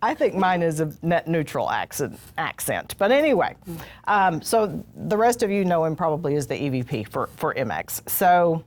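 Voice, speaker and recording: A woman's voice: deep voice, sing-song, normal speed. A middle-aged woman hosting a casual onstage interview, chatty and self-deprecating, joking with her guest. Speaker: host, HR director. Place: live event room with audience.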